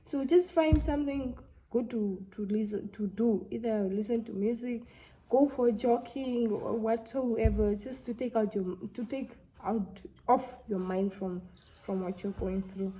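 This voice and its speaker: A young woman, talking to camera in a halting, heartfelt way and close to tears. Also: a little high, dark tone, rough recording. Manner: halting, heartfelt, with many restarts. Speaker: vlogger. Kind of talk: casual talk to camera.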